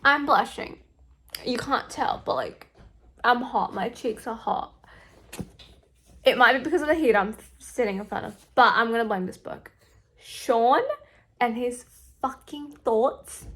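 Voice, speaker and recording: A young woman vlogging about a book she is reading, gushing, excitable and swearing freely. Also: a little high, a little slow, a little hiss or hum. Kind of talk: casual reading vlog.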